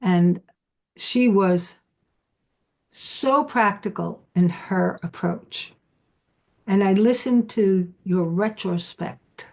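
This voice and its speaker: A middle-aged woman hosting an interview, speaking conversationally with affirming asides and pauses. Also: mid-range voice, darkish tone. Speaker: podcast host.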